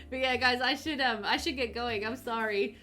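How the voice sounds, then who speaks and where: Young woman streamer rambling to chat, giggly, bit high voice, quiet music underneath. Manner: chatty, warm, giggly, reads chat aloud. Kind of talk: casual chat with live chat while gaming.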